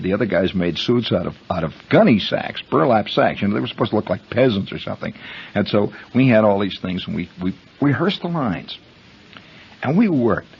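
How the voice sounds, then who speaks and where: A man's voice: deep voice, slightly rough. A man hosting a radio show, telling a long rambling story to his listeners and calling them friends. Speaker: radio host. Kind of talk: storytelling monologue. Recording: muffled vintage radio broadcast.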